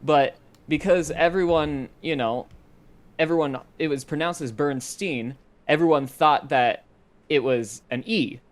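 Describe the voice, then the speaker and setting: A man's voice: a little high, a little slow. A man co-hosting a podcast, rambling casually with lots of fillers. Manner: rambling, uses many fillers. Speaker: podcast co-host. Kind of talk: casual chat.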